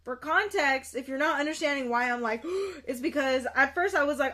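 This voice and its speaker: A young woman streaming herself reading a book aloud and reacting, animated and quick to exclaim and repeat herself. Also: high-pitched.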